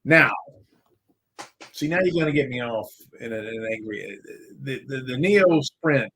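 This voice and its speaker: A man's voice: mid-range voice, lively intonation, measured pace, fairly bright tone. A middle-aged man hosting a live podcast, rambling and joking as he reads viewer chat aloud. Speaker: podcast host.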